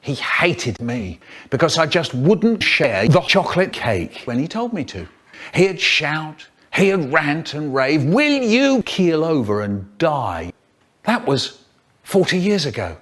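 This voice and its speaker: A man in his seventies performing comic stories and rhymes in a theatrical, lively way. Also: on the high side, slow. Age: 70s. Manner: theatrical, lively, swoops between silly voices. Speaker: children's poet performer. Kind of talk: animated storytelling, chopped into a remix.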